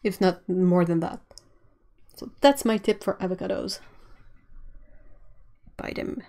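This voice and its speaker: A woman's voice: mid-range voice, slow pace, creaky, warm tone. A woman from Canada, chatting casually and rambling while she draws on a livestream, laughing often. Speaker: artist livestreamer. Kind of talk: casual chat while drawing on stream.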